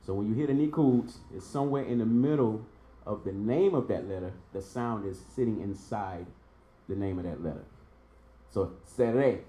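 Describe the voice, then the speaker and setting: A man's voice: lowish voice, normal speed, warm tone, reverberant. A man teaching a Hebrew class, patiently repeating each sound for his student. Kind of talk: online language lesson.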